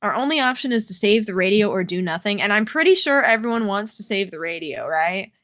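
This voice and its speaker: A woman's voice: medium pitch, animated, a little fast, fairly bright tone, no echo, clean studio sound. A woman live-streaming a game, chatting with her viewers in a playful, dramatic way and reading the game's text aloud. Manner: playful, dramatic, talks to chat.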